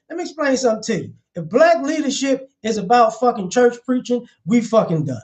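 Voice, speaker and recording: A man with a high-pitched voice delivering a blunt, profane commentary vlog. He drives each point home by repeating short phrases, emphatic and cutting. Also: lively intonation, brisk, few pauses, noisy background.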